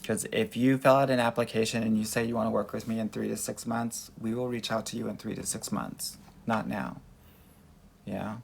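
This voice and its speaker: A man's voice: lowish voice, little pitch movement, normal speed, gravelly, a little hiss or hum. A man working as a dating coach, answering viewer comments in a chatty livestream Q&A with a Valley Girl voice and mannerisms, calling everyone girl and honey.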